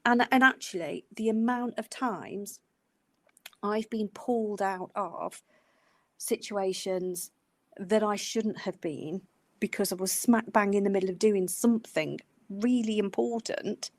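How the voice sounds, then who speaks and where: With a medium-pitched voice and measured pace, recorded with no room sound, a middle-aged nurse co-hosts a podcast. Her casual advice chat rambles and is thick with fillers, and she mentions she tends to go off on tangents.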